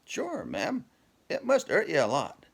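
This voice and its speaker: A man's voice: fairly high pitch, huge pitch swings, normal speed, heavily acted. A man voicing a fat, whiskered professor. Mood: amazed.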